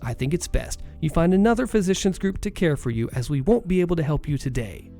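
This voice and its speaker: A steady, firm clinic nurse, as a man reading a story puts her on, only a little above his own pitch and lively in its rise and fall. His gravelly texture carries through, over faint music. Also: quick pace.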